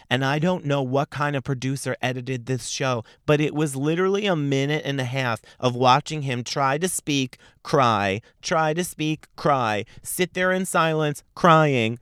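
A man's voice: medium pitch, a bit bright, clear, resonant tone, no room sound, studio quality. A young man hosting a solo podcast, ranting in a sassy, profane, mocking way. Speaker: podcast host.

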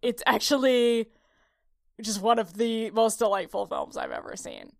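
A woman's voice: fairly high pitch, wildly swooping pitch, a little slow, gravelly, no echo. Giggly upstate New York woman, dry mic. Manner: giggly, rambling storyteller. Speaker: podcast co-host. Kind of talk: casual chat.

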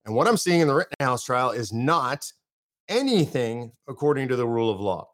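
A man's voice: medium pitch, very animated, fairly quick, fairly bright tone. A man from the United States hosting a political podcast, emphatic and fired up, driving his points home in runs of repeated phrases. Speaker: podcast host.

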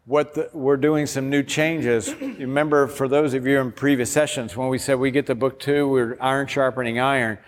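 A man's voice: medium pitch, steady tone, normal speed, hardly any pauses, slight background noise. A man, a pastor, giving an enthusiastic, informal workshop talk while demonstrating an app step by step. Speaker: pastor presenting a discipleship app. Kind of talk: workshop presentation. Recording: long hall reverb.

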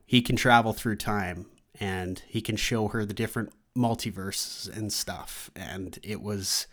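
A man with a slightly low voice hosts his own podcast. He talks casually and loosely, wandering between thoughts and filling the gaps with ums and restarts. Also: a bit bright. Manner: rambling, loose, many fillers and restarts. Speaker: movie podcast host. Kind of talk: casual solo chat.

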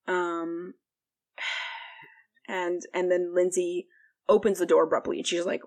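A young woman co-hosts a podcast and rambles through a casual recap, leaning on fillers as she goes. Her voice sits fairly low and has a lot of vocal fry on it. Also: little pitch movement, takes it slowly, darkish tone. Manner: rambling, heavy use of "like", frequent fillers. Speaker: podcast co-host. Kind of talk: casual book recap chat.

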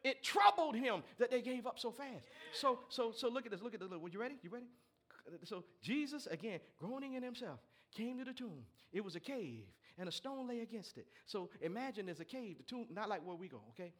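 A male pastor a sermon, reading scripture and breaking into lively asides to the congregation. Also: extremely high pitch, brisk. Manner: animated preaching with asides to the congregation.

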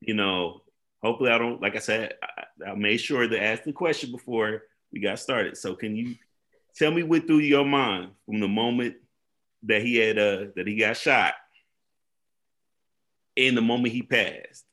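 A man's voice: fairly low pitch, moderate pace, pauses often. Man hosting a casual interview. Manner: careful, gently hedging questions. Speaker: host.

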